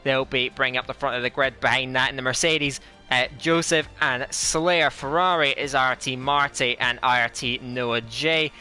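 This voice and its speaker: A man commentating an online sim racing league, putting on a fake Scottish accent, chatty and energetic with many fillers. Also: mid-range voice, normal speed, faint music behind. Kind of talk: esports race commentary.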